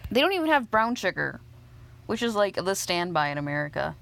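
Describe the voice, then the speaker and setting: A woman's voice: on the low side, sing-song, brisk, creaky, a bit bright. A woman hosting a let's play, chatting casually and teasing her friend with jokes. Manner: playful, teasing, jokey. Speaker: host. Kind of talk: casual chat while playing a mobile game.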